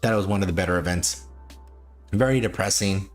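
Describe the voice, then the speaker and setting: A man's voice: low voice, brisk, soft background music. A man hosting a livestream, chatting casually and repetitively with frequent chuckles. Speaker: livestream host.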